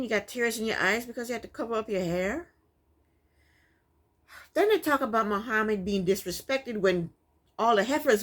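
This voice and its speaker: A woman's voice: on the high side, fairly bright tone. A woman giving a casual, opinionated recap of a reality TV episode, sassy and exasperated. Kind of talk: casual commentary.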